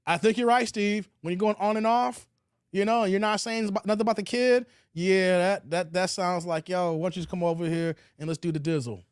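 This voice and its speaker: A man's voice: high voice, fairly even intonation, brisk, clear, resonant tone, dry recording. A man hosting a livestream, reading viewer comments aloud and reacting in laid-back slang. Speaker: livestream host.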